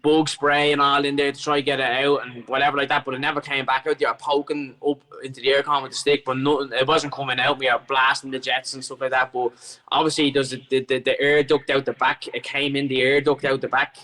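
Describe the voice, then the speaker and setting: Bright-voiced Irish man telling a story. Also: medium pitch, fast talker, rough recording. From Ireland. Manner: animated, sweary, lots of restarts. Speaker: guest fighter. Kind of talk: casual storytelling chat.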